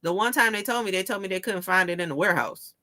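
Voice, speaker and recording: A woman hosting a casual chat, telling stories in an animated way, laughing often and swearing casually. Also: mid-range voice, quick pace. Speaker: show host.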